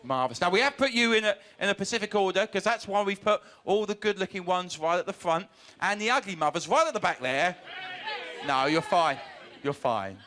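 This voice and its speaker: A man warming up a TV studio audience, joking and calling out to the crowd. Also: high voice, expressive, a little fast. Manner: cheeky, joking, shouting to the crowd. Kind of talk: audience warm-up banter.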